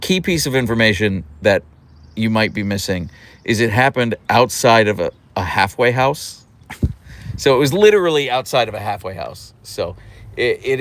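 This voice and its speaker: A young man hosting a livestream, telling a story in an animated way and laughing often. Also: mid-range voice, slight background noise. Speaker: livestream host. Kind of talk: casual livestream chat reading comments.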